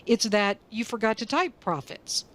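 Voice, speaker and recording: A woman instructor talking through a software tutorial in a chatty way, asking rhetorical questions and making self-deprecating asides. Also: fairly high pitch, expressive, moderate pace. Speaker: college instructor. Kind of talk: screen-recorded software tutorial.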